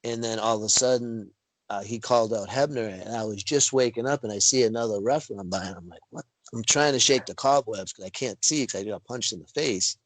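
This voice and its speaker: A wrestling referee tells stories in a casual video-call interview, talking a little fast and animatedly acting out quotes with big jumps in pitch. The recording is rough, with no room sound.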